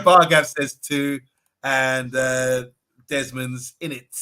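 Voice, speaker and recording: A man's voice: mid-range voice, fairly even intonation, slow pace, sharp tone. A man co-hosting a casual livestream, reading out viewer comments and joking along with the others. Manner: reads out viewer comments, jokey, laughs often. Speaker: co-host.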